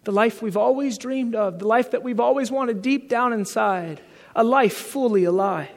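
High-voiced pastor preaching in a reverberant hall. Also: male voice, normal speed, vocal fry. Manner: conversational preaching with rhetorical questions. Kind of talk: sermon.

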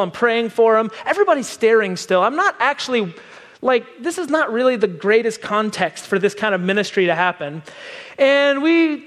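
A man preaching from a stage, telling a story in an animated, self-deprecating way, on a microphone in a large hall. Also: very high voice. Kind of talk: sermon storytelling. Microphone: wearing a microphone. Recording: long hall reverb.

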